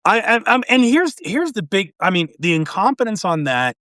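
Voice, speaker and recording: A man hosting a casual political discussion, rambling with frequent restarts and animated jokes. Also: sits high, normal speed, no echo, clean studio sound. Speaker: podcast host.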